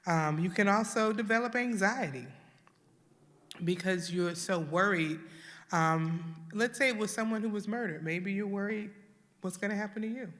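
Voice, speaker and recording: A woman's voice: mid-range voice, moderate pace, a bit bright. Earnest woman teaching in a reverberant hall. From Houston, Texas. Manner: earnest, acts out grieving voices. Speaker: grief workshop leader. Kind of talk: church workshop teaching. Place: church hall.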